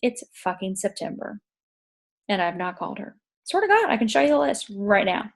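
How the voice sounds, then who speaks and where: A middle-aged woman giving a casual motivational talk to her network marketing team, animated and cursing freely, often acting out conversations. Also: normal speed, creaky. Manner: animated, swears freely, acts out exchanges in a higher voice.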